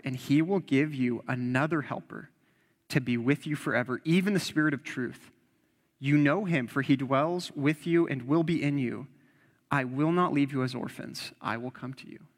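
A man's voice: mid-range voice, long reverb tail. A young man preaching an earnest, conversational sermon and quoting scripture.

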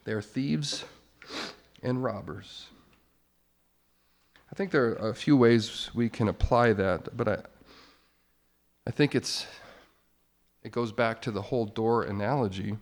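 A middle-aged man preaching a sermon as pastor, moving from quiet explanation to loud, emphatic peaks. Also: lowish voice, measured pace, long pauses.

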